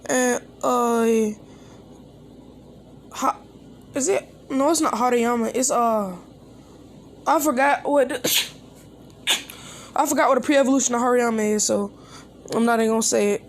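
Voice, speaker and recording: A woman's voice: fairly high pitch, unhurried, pauses often, a little hiss or hum. A woman improvising a fan story aloud, rambling with restarts and quoting each character's lines herself. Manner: rambling, with restarts and quoted dialogue.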